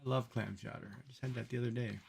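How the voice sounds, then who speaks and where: A man's voice: medium pitch, steady tone, fast talker, creaky, noisy background. A man chatting casually with viewers while playing a game on a livestream, musing aloud about food. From Canada. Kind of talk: casual chat while gaming.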